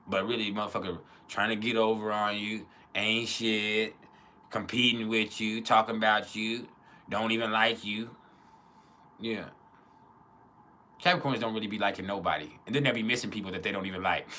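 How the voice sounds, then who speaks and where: A man's voice: on the low side, fairly even intonation, measured pace, pauses often, bright, forceful tone. A man giving a casual astrology talk, profane and joking, who laughs often and acts out quotes in other voices. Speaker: astrology teacher.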